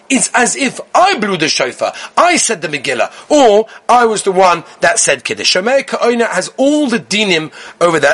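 Husky, bright-voiced male rabbi giving an animated, emphatic Torah class. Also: high-pitched. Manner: rapid-fire listing of sources, animated and emphatic. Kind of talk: lively spoken Torah lesson. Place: Israel.

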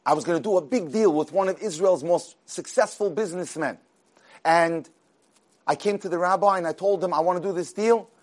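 A man's voice: high-pitched, normal speed. A man retelling an inspirational story in a conversational way, acting out the characters' lines and often restarting his sentences. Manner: animated, acts out the characters' dialogue; conversational, with frequent restarts and repeated words.

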